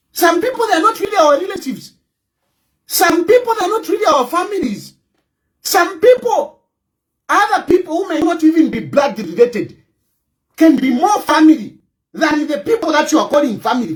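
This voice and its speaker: A middle-aged man with a Zambian accent, delivering a fervent political commentary, repeating himself and often raising his voice to a shout. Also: very high voice. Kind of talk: impassioned monologue.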